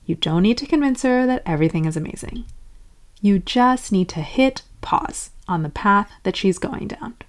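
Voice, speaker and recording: A woman hosting a self-help episode, calmly explaining ideas and acting out short quoted lines of inner talk. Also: medium pitch, moderate pace. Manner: acts out inner-voice examples in lively quoted asides. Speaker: self-help podcast host. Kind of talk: scripted explainer narration.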